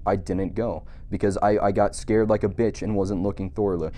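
A man's voice: lowish voice, fairly even intonation, brisk, few pauses, noisy background. A man giving jokey, profane commentary while playing a horror game, nervous and talking to himself. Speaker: gamer.

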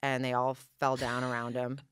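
A woman's voice: very deep voice, moderate pace, clear, resonant tone, dry recording, clean studio sound. A woman in her forties, an actress, telling a personal story in a casual interview and acting out what people said. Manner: animated, acts out quoted dialogue. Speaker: guest, actress.

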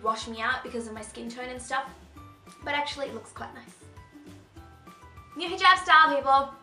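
Bubbly bright-voiced young woman, echoey room. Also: sits high, normal speed. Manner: bubbly, gushing, chatty. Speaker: fashion vlogger. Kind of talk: casual haul chat. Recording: echoey room with faint music.

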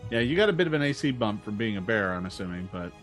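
A man narrating as game master in a relaxed, joking way, with many fillers. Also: fairly low pitch, fast talker, soft background music.

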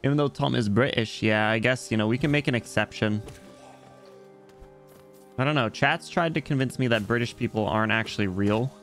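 A young male VTuber chats loosely with his viewers while gaming, joking and wandering off topic as he plays. His medium-pitched voice has a fairly bright tone and a brisk pace, with soft music in the background.

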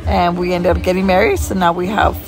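A woman's voice: fairly low pitch, steady tone, a little fast, vocal fry, music in the background, crowd noise. A woman in her fifties casually telling a story in a restaurant, acting out both sides of old conversations. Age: 50s. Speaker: interviewee telling how she met her husband.

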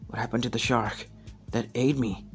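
Over soft background music, a man with a medium-pitched, close-to-everyday voice speaks at a moderate pace with fairly even intonation. He's voicing a boy ninja who is wracked with guilt, and the mood is guilty.

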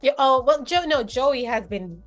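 High-voiced animated woman co-host. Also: measured pace, soft background music. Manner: animated, emphatic, jumps between thoughts. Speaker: co-host of reality TV chat. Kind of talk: casual chat.

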